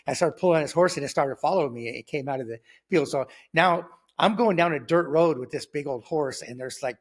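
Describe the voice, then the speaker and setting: A man in his sixties telling his life story in conversation, lively and rambling, with lots of fillers and sudden jumps in pitch when he acts out other people's voices. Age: 60s. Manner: loose and rambling, full of fillers and restarts. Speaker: guest sharing his testimony.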